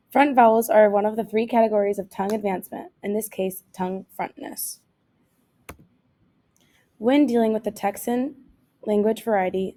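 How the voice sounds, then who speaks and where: A woman's voice: mid-range voice, mellow, low-quality recording. A young woman reading a class presentation and correcting her own slips as she goes. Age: young adult. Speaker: student presenter.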